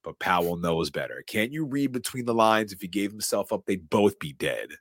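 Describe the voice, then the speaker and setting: A podcast host with a very deep voice talks through a film with excited, casual energy. The sound is dry and close. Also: male voice, moderate pace, no room sound. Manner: excited storytelling, retelling scenes. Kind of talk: casual film recap chat.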